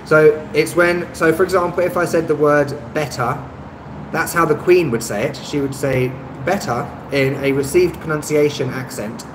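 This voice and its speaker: Rambling Londoner chatting in an echoey room. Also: male voice, a little high, fairly even intonation, normal speed, few pauses. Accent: Estuary English, London. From London, England. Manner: rambling, lots of ums and restarts, chatty and self-mocking. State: tired, no rest. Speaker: travel vlogger on a live stream. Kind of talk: casual live-stream chat, reading viewers' comments. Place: rented room indoors. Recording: echoey room with loud background noise and passing vehicles.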